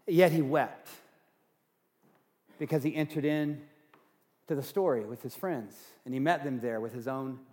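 A man preaching a sermon as pastor, earnest, going from loud emphasis to hushed softness. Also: fairly high pitch, big-room sound. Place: church sanctuary.

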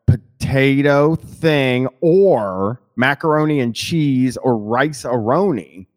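A man's voice: mid-range voice, expressive, slow. A man co-hosting a casual conversation in an ordinary mid-range voice. He talks loosely, starting sentences over and over. He swears casually and laughs often as he goes. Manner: rambling, frequent restarts and swearing, laughs easily. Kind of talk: casual chat.

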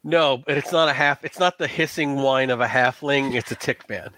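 A man's voice: medium pitch, moderate pace, background noise. A man narrating as game master of a tabletop game in a loose, casual way with many fillers.

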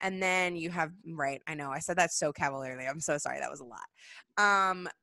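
Young woman, chatty storyteller, bright voice, dry close sound. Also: deep voice, fairly quick, vocal fry, dry recording. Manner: animated storytelling, acts out voices, frequent "like" and laughs. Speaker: guest explaining Jewish holidays. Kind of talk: casual chat.

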